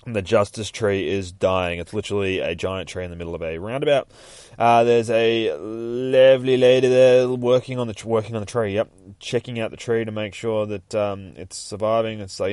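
Deep-voiced swearing comic podcast host. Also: male voice, moderate pace, clean tone, dry recording. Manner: swears freely, excitable, rambling. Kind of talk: casual comic book recap.

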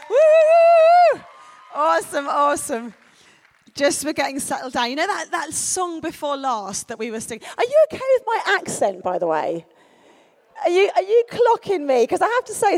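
A woman with a London accent, a youth worker speaking to a festival crowd in a chatty, playful way. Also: sits high. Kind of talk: lively talk to a festival audience. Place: stage in a large festival tent.

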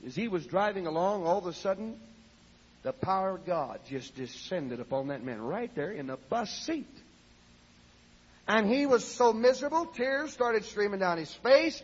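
A man's voice: sits high, animated, moderate pace, breathy edge. A man preaching a sermon in a church, telling stories in a dramatic, fervent way. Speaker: evangelist preacher. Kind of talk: sermon storytelling. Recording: lo-fi 1970s sermon tape in an echoey hall.

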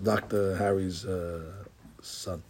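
A man's voice: sits low, level tone, slow pace, a little mellow, slight background noise. A middle-aged man, a rabbi, gives an informal Torah class, talking conversationally with digressions and many restarts.

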